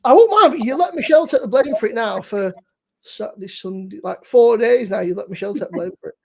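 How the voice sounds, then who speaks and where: A man's voice: high voice, expressive, fast talker, creaky, darkish tone. A man, hosting a casual live beer stream, teasing and swearing at his friends. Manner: sweary, teasing, mock-indignant.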